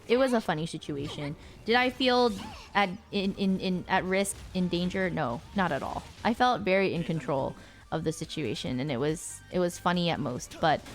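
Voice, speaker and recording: A woman streamer casually telling a story to her chat, animated and laughing often, acting out the lines of the people in it. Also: on the low side. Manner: animated, acts out quoted lines, frequent laughter. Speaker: rideshare driver.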